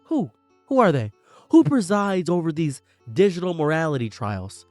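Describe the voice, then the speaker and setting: A man ranting in a sarcastic, theatrical commentary voice, dropping to hushed mutters and then bursting into shouts. His pitch moves all over the place. The recording is dry and close, with faint music playing underneath. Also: big pitch swings, moderate pace, no echo. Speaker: commentary YouTuber.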